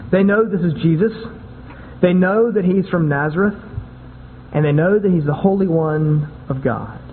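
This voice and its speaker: A man's voice: sits high, normal speed, slight background noise. A man preaching a sermon in a conversational way, often repeating and restarting words. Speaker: pastor. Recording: tinny phone-like sound with long hall echo.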